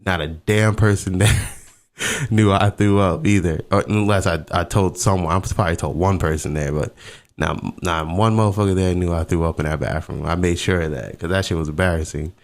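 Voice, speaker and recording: A young man with a deep, low voice hosts a casual podcast monologue. He is candid and self-mocking, with plenty of profanity, and talks in a relaxed, conversational way. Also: a little fast. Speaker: podcast host.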